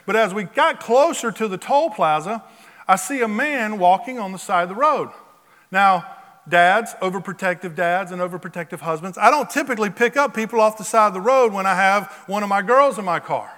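Bright-voiced male pastor in reverberant hall. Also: sits high, brisk. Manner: animated anecdotal storytelling with repetitions. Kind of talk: sermon storytelling.

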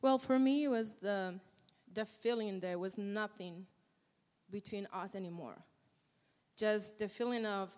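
A woman sharing a personal testimony about her marriage, earnest and pausing as she searches for words. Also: medium pitch. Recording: echoey hall with long reverb.

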